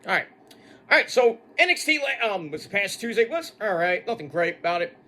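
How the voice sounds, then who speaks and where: A man rants through a wrestling show review in a bright, high, lively voice. He swears freely and mocks the people he talks about, and his pitch leaps from low grumbles to high yells. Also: fairly quick. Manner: animated, swearing, mocking. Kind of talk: casual profane rant.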